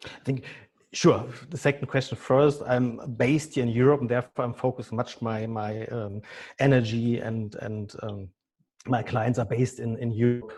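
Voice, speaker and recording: A man in his fifties with a German accent, a business consultant answering interview questions haltingly, often repeating words. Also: mid-range voice, little pitch movement, darkish tone. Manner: halting, repeats words, non-native phrasing. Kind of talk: podcast interview.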